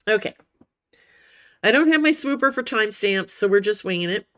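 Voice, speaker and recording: A woman's voice: medium pitch, lively intonation, normal speed, fairly bright tone. A woman hosting a casual livestream for writers, chatty and encouraging, calling viewers honey and sweetie, with a cough that keeps breaking in. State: coughing now and then.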